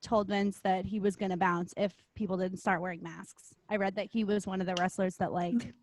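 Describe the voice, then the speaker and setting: A woman's voice: medium pitch, level tone, fairly quick, a little mellow, slight background noise. A woman co-hosting a casual podcast, telling stories in a chatty way. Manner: chatty, storytelling. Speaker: podcast co-host. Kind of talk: casual chat.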